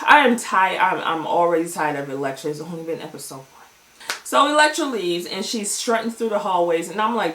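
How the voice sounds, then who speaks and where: Woman vlogger with a lowish voice, swearing and lively as she recaps a show, echoey room. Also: normal speed, slight background noise. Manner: animated, profane storytelling. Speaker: TV show reviewer. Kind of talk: casual episode recap vlog.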